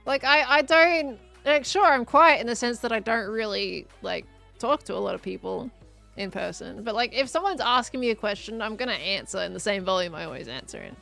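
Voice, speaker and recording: Australian woman, young, casual streamer chat, fry in the voice, soft music behind. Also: fairly high pitch, expressive. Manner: chatty, reading and answering chat, quick laughs. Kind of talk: casual live-stream chat while gaming.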